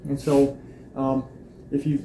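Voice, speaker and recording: A man's voice: mid-range voice, monotone, takes it slowly, dark tone. A man recounting his arrest plainly and acting out the lines he quotes. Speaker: arrestee telling his story. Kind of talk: personal account. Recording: echoey room with faint noise.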